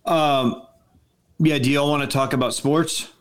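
A man's voice: on the high side, fairly even intonation, unhurried. A man co-hosting a sports podcast, chatting in a laid-back, storytelling way. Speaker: podcast co-host. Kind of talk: casual chat.

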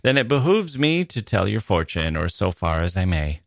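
A man voicing an earnest, kindly elderly minister, giving slow, deliberate advice. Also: sits low, very animated, creaky, no room sound, full character voice. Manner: solemn, deliberate advising.

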